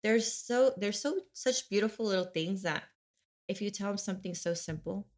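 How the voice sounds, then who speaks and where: A woman's voice: mid-range voice, moderate pace, darkish tone. A woman in her thirties, a podcast guest, talking earnestly about raising kids and mixing in a few Spanish phrases. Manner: earnest, gives advice, mixes in Spanish phrases. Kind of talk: casual chat.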